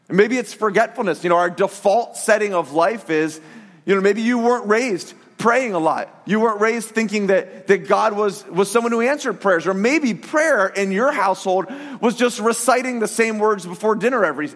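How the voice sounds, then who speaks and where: In a reverberant hall, a high-voiced man preaches a sermon as pastor. His style is chatty and lively, with storytelling that includes acted-out quotations.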